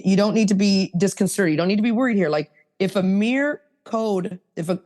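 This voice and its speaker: A woman's voice: lowish voice, a little mellow. A woman in her fifties sharing her own story at a recovery roundtable, speaking in an earnest, rambling way and correcting herself as she goes. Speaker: recovery meeting participant.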